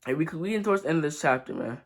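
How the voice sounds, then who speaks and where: A young man giving a casual, slangy review of a manga chapter. He sounds sleepy and talks excitably, now and then bursting into loud outcries. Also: on the high side, very fast. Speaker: anime reviewer.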